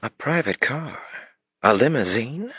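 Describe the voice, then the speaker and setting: A man reading an audiobook, putting on the soft voice of a graceful, romantic woman. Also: fairly low pitch, sing-song, normal speed, dry recording, highs cut off, voice pushed up, exaggerated voice. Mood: delighted.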